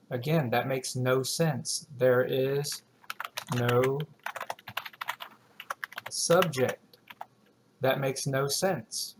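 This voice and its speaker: A man teaches a writing lesson at a measured, unhurried pace, stopping to read example sentences aloud. His voice sits at an ordinary middle pitch, with a faint hum of noise behind him. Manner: explains slowly and deliberately, reads example sentences aloud.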